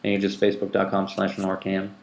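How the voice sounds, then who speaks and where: A man's voice: low-pitched, completely flat delivery, fast. A man hosting a casual podcast chat, rambling with lots of ums and restarts, recorded in a room at a community TV station. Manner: rambling, many ums and restarts, laughs easily. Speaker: public access TV coordinator and podcast host. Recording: roomy echo.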